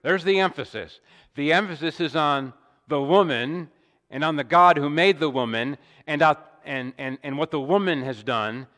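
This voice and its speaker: A man preaching an expository sermon in a measured, deliberate way, with emphatic rises and small restarts. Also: fairly high pitch, a bit bright. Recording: long hall reverb.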